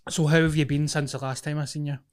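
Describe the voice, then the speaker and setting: A man's voice: a little high, flat delivery, fast. A young Glaswegian man co-hosting a podcast, chatting casually with sweary banter and laughter while he has a cold. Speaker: podcast co-host. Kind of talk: casual chat.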